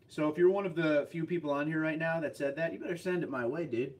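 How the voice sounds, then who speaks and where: A man's voice: fairly high pitch, a little mellow, distant mic, a little hiss or hum. Chatty guy, set back from the mic. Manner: chatty, rambling storyteller with quick asides. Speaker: livestream host reading viewer chat. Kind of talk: casual livestream chat.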